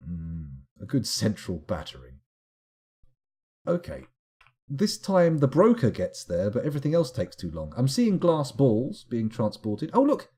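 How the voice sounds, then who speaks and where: A man giving live, rambling let's-play commentary, animated and self-mocking as he chats and wanders off on tangents. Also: on the low side, slightly rough. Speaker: streamer playing a management game.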